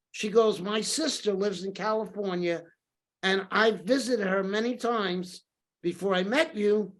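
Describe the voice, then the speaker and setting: Older New man telling stories. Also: sits high. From New York. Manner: lively anecdotal storyteller, acts out quoted dialogue. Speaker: podcast guest. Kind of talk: casual storytelling interview.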